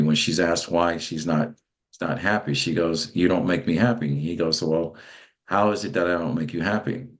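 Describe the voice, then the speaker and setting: Deep-voiced male interviewer, rambling. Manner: rambling, searching for words with many fillers and restarts. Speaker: host. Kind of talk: interview questions.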